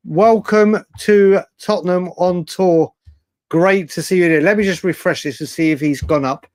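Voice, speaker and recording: A man's voice: sits high, moderate pace, dry recording. Chatty man hosting a livestream. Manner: chatty, reads out viewer comments, excitable. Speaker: livestream host. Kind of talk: late-night fan livestream chat.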